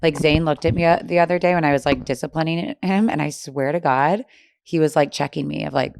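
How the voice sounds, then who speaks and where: A woman's voice: low voice, fairly quick, gravelly, a little mellow, slight background noise. A young woman co-hosting a podcast, talking casually and candidly about motherhood, with lots of "like" fillers. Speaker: podcast co-host. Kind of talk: casual chat.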